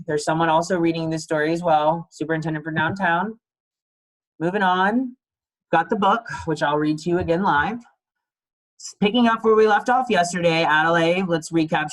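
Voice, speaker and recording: A man's voice: a little high, low-quality recording. A male teacher giving a casual, chatty read-aloud and lesson for young kids, talking to them directly.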